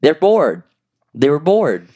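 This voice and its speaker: A man's voice: on the high side, wildly swooping pitch, slow, mellow. A man co-hosting a podcast, joking crudely and swearing freely in casual banter. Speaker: podcast co-host.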